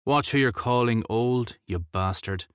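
A man's voice: mid-range voice, measured pace, smooth, no echo, lightly acted. A man voicing a brooding male rock star in his late twenties, speaking with a slight Irish lilt and a dry, grumbling humor. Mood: wry. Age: 20s.

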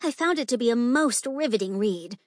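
A woman's voice: on the high side, animated, fairly quick, no echo, studio quality, pitched above the performer's own voice, natural voice. A woman voicing a giggly young society lady who gushes about books in an audiobook. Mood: gushing. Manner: breathless, gushing. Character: giggly young lady dressed as princess, gushing.

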